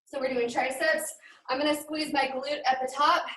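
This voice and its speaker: A woman's voice: high voice, steady tone, moderate pace, fairly bright tone. A woman fitness trainer leading a live home workout, upbeat and counting reps, often out of breath. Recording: echoey room, far from mic.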